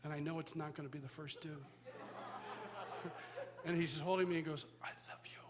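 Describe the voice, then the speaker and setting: A man teaching at a worship school, telling a personal story in sermon style with animated, self-mocking humor, recorded live in a church hall. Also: fairly high pitch, moderate pace. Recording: live hall reverb, faint background noise.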